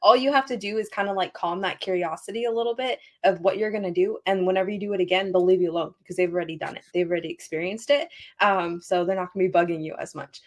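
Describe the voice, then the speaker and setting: A woman's voice: lowish voice, fast talker. A young woman on a casual panel chat, chatty and candid as she shares a parenting tip. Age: young adult. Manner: chatty, candid, sharing tips. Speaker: panel guest.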